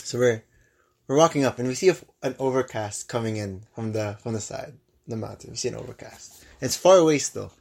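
A man's voice: medium pitch, brisk, vocal fry, darkish tone. A young man with a mid-range voice co-hosts a casual podcast. He tells a travel story animatedly, doubling back and restarting his sentences as he goes. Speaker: podcast co-host.

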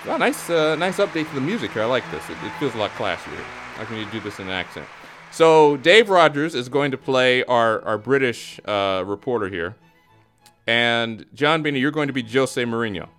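A man hosting a comedy podcast, telling a story in an animated, rambling way with frequent restarts. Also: medium pitch, moderate pace, faint music behind. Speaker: podcast host. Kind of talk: comic storytelling talk show.

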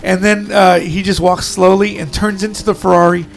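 High-pitched, gravelly man rambling. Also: flat delivery, moderate pace, soft background music. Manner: rambling, profane storytelling with many restarts. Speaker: podcast co-host. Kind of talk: casual chat.

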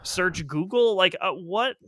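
A man's voice: high-pitched, expressive, fairly bright tone, dry recording, studio quality. A man co-hosting a casual gaming podcast, ranting in disbelief and swearing often. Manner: exasperated, swears a lot, rapid rants. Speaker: podcast co-host. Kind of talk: casual gaming news chat.

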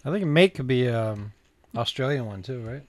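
A man's voice: mid-range voice, lively intonation, normal speed. A man co-hosting a casual podcast chat, tossing in dry wisecracks and casual swearing. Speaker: podcast co-host.

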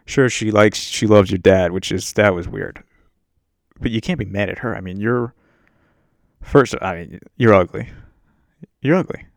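A man rambles through a profane, self-mocking rant on a casual podcast. His voice sits low, and the sound is dry and close with no room around it. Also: creaky, no echo. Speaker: podcast host. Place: home setup while on a muted work meeting.

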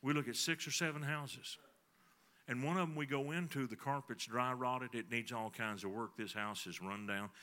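A middle-aged man preaching a sermon, telling a folksy personal story that swings between soft, confiding passages and emphatic ones. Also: mid-range voice, normal speed. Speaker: pastor.

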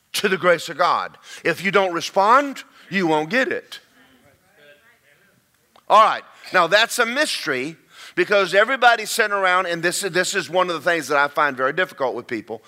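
A man preaching a folksy, emphatic sermon, slowing down to stress key words. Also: sits high, pushed and bright.

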